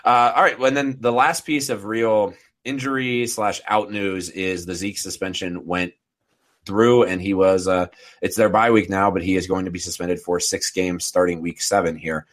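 Man, very deep voice, podcast host, casual sports chat, sarcastic asides. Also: steady tone, moderate pace, fairly bright tone.

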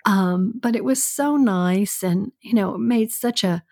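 A woman's voice: mid-range voice, a little slow, darkish tone, no room sound, clean studio sound. A woman co-hosting a podcast in casual chat, often laughing and chiming in with short reactions.

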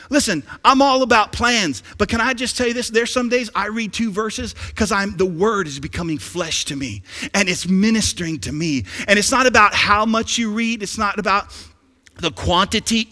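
A male pastor preaching a sermon, animated, dropping to hushed lines and rising to excited peaks. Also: high-pitched. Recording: echoey hall.

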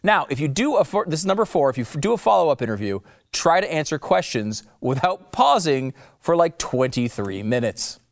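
Male comic podcast host with a lively, swooping delivery, sarcastic, in a dry close room. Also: on the high side, fairly quick, few pauses, no room sound. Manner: sarcastic, theatrical swings of voice. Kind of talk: comedic monologue.

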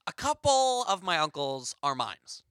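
A man co-hosting a comedy podcast, teasing and playing along deadpan in casual banter. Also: on the high side, a little slow, clear, resonant tone, no room sound, studio quality. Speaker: podcast co-host.

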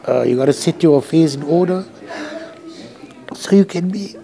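A man's voice: on the high side, moderate pace, creaky, mellow. A man, a composer, talking candidly and emotionally in a rambling, profane way from a hospital room.

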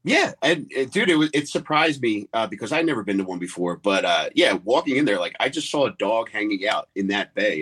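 A man's voice: fairly low pitch, very animated, a little fast, few pauses, a bit bright, slightly rough. A man, a comedian guest rambling through a story in casual chat with lots of fillers.

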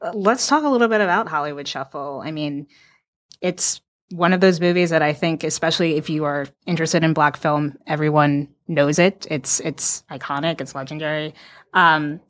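Female interviewer, very low voice, curious and rambling. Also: normal speed. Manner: curious, hesitant, restarts questions. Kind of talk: casual interview questions.

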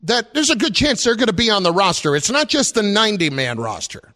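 A man's voice: sits high, big pitch swings, brisk, sharp tone. A man hosting sports talk radio, running a quiz with teasing, dry banter into a studio microphone.

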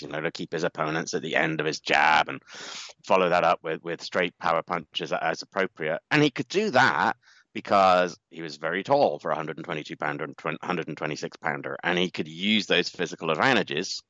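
A man with a low voice co-hosts a boxing podcast, swinging his pitch around in a lively, playful way as he breaks down a fight. The sound is a little dull and lo-fi, with a dry, close feel. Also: no echo. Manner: playful, puts on a jokey mock accent at times. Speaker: podcast co-host. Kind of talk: casual podcast chat and boxing analysis.

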